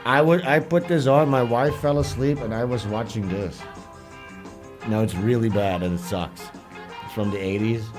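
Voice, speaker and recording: A man hosts a live stream in a relaxed, irreverent way, cracking jokes and swearing as he reacts to a film. His pitch sits in an ordinary middle range. Film music plays clearly behind his voice. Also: moderate pace. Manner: joking, irreverent, swears freely, laughs at what he watches. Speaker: livestream host. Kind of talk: casual commentary while watching a film. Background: music from a film playing.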